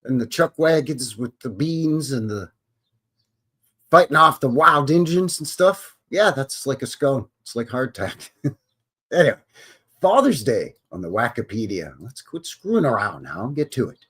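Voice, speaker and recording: A man's voice: mid-range voice, animated, normal speed, fairly bright tone, slightly rough. A man in his fifties hosting a live stream, chatting in a loose, joking, rambling way. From Canada. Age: 50s. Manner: joking, rambling, drops into silly voices. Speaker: host. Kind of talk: casual live-stream chat.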